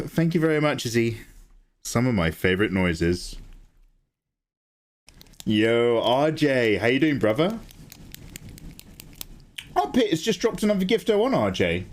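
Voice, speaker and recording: A man chatting casually with viewers while he draws on a livestream, getting excited, swearing freely and thanking people by name. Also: mid-range voice. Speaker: livestreaming artist.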